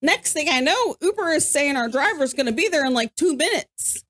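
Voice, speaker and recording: A woman, co-hosting a podcast and telling a story in casual chat, animated and acting out what people said. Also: high voice, normal speed. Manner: animated, acts out quoted voices. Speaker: podcast co-host.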